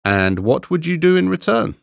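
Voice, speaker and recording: A man's voice: a little high, big pitch swings, moderate pace, vocal fry, no room sound, clean studio sound, voice pushed up. A man voicing a small, curious male linnet bird who asks probing questions, in a storybook reading.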